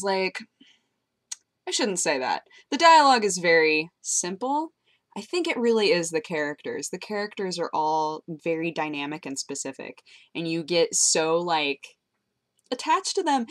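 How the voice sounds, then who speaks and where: Chatty young woman rambling to a webcam. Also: lowish voice. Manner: chatty, rambling, self-mocking, with many fillers and laughs. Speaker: vlogger. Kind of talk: casual webcam vlog chat. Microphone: webcam mic.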